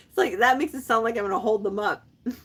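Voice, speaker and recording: This woman in her fifties has a somewhat bright, husky voice on the high side. She chats playfully with viewers during a casual livestream, laughing a lot and slipping in French phrases.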